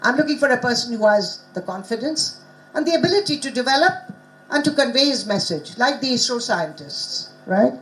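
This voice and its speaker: A woman's voice: fairly high pitch, lively intonation, brisk, fairly bright tone, slight background noise, low-quality recording. A woman who is not a native English speaker, presenting a conference workshop on pronunciation and questioning her audience. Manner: engaging, asks the audience questions. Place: conference hall.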